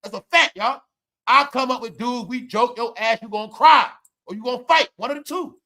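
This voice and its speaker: Man, livestream host, rambling profane commentary, bright forceful tone. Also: very high-pitched, a little fast. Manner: loud, rambling, profane, keeps saying "y'all". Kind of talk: profane stream-of-talk commentary.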